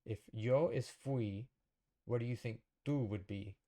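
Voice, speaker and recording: A man's voice: mid-range voice, unhurried, warm tone. A man teaching a casual whiteboard lesson, thinking aloud, correcting himself and checking in with the viewer. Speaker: language teacher.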